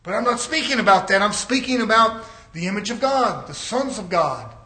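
A man preaching a fiery sermon, rising to shouts and dropping low. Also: expressive, moderate pace.

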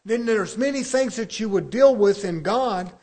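High-voiced man preaching a folksy sermon. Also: normal speed, darkish tone. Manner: folksy, conversational preaching with rhetorical questions.

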